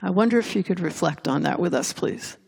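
A woman interviewer with a somewhat low voice sets up her questions at a public event, speaking in a measured, reflective way. The sound is spread by the long reverb of a large hall. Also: expressive, vocal fry, darkish tone, breathy edge.

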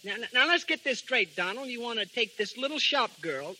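An actor playing a good-natured, chuckling friend who wisecracks, in a 1930s radio drama. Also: male voice, very high voice, big pitch swings, a little fast, over music, poor audio. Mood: wisecracking.

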